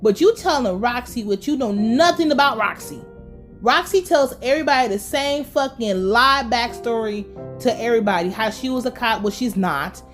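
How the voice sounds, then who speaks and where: A woman with a fairly high, wildly swinging voice recaps a TV episode in a blunt, profane, casual way. Faint music plays underneath her. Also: expressive, moderate pace. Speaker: TV recap vlogger.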